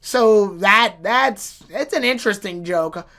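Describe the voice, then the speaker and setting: A woman's voice: mid-range voice, takes it slowly, fairly bright tone. A woman giving a casual, rambling and opinionated episode review with swearing and restarts. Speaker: anime reviewer.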